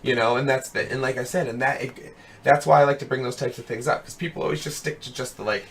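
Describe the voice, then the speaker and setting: Young guy streaming w a hoarse voice, losing it, rambly, lots of dude and bro, headset mic. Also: medium pitch, fast talker, fairly bright tone, a little hiss or hum. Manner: rambling, fillers of "you know what I mean"; chummy, calls viewers dude and brother. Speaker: streamer hosting a web show. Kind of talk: casual live-stream chat.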